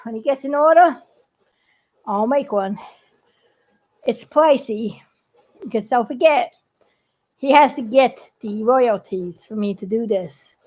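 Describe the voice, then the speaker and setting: A woman's voice: fairly high pitch, slow, long pauses, darkish tone, poor audio. A woman who makes puppets, chatting casually and giggling as she shows how she builds them. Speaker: puppet maker. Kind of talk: casual craft demonstration.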